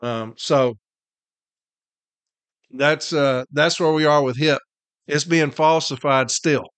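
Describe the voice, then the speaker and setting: Man, profane heated rant, repeats himself, tired and fed up, higher male pitch, dry close sound. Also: slow, a bit bright, smooth, dry recording. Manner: blunt, heated, profane, repeats points for emphasis. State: tired and irritated. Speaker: podcast host and union representative.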